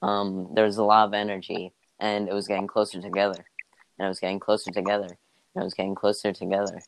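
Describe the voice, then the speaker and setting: A young man chatting casually as a podcast co-host, joking and teasing with deadpan asides. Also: low-pitched, fast, a little hiss or hum, rough recording. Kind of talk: casual chat.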